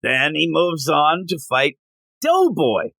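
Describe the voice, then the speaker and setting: A man's voice: on the high side, takes it slowly, gravelly, no echo. A man giving a casual, ranting comic book review on a podcast, acting out bits of dialogue as he goes. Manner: animated, ranting, acts out dialogue.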